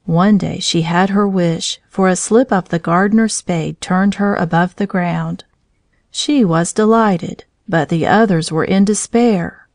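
A woman with a lowish voice reads a children's storybook aloud, gentle and clear. The recording is dry and close, with no room sound. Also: unhurried, no echo.

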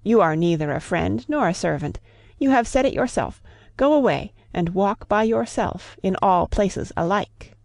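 A woman's voice: medium pitch, animated, moderate pace, vocal fry, darkish tone, no room sound. A woman voicing a wise, proud woman of a cave in a storybook reading, firm and commanding.

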